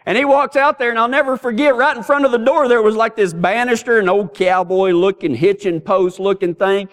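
Brisk and high-voiced, a middle-aged man preaches a sermon of storytelling, his pastoral tales folksy, funny, and animated.

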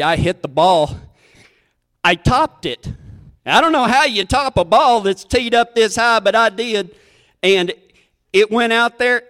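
A man's voice: high voice, a bit bright, clear, resonant tone. A man telling a folksy, self-mocking country story on stage.

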